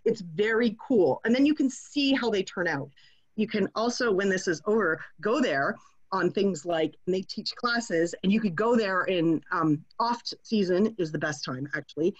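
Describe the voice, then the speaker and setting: A woman's voice: mid-range voice, lively intonation, moderate pace, slightly rough, muffled recording. A woman giving a casual online class, talking in a chatty, digressive way that slips into rants. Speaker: class presenter. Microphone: video call.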